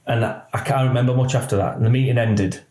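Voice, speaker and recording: A former police officer, speaking candidly in an interview, his story halting and emotional with many restarts. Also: mid-range voice, steady tone, darkish tone. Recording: roomy echo.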